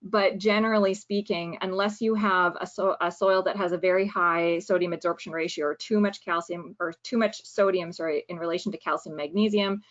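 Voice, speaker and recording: A woman's voice: on the low side, steady tone, brisk, few pauses. A woman soil specialist presenting in an online webinar, explaining at length with fillers and self-corrections. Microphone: video call. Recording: dull lo-fi call audio.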